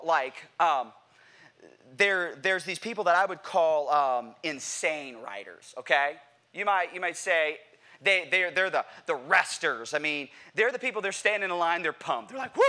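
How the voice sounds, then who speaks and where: Lively, bright-voiced pastor preaching. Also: male voice, a little high, unhurried. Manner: animated, playful, acts out quotes; addresses congregation directly with questions. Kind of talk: sermon. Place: church sanctuary.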